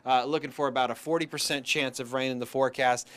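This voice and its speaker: A man working as a TV meteorologist, speaking in an easygoing, halting way with many fillers in a newsroom. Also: mid-range voice, steady tone, a bit bright, clear, resonant tone. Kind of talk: casual newsroom chat and weather forecast.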